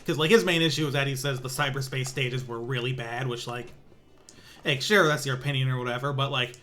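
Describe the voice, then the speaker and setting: Bright-voiced young man rambling while gaming. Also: medium pitch, steady tone, a little fast, faint music behind. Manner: rambling, many restarts and fillers, sarcastic asides. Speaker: streamer. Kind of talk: casual stream commentary while playing.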